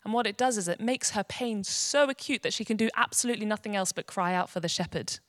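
A woman giving an earnest, gentle devotional teaching. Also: mid-range voice, fast talker, no room sound, clean studio sound. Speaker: Bible teacher.

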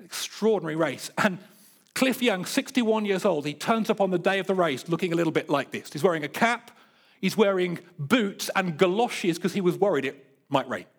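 A man's voice: high voice, moderate pace. A middle-aged man preaching a sermon, earnest and building emphasis, with playful storytelling. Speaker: pastor.

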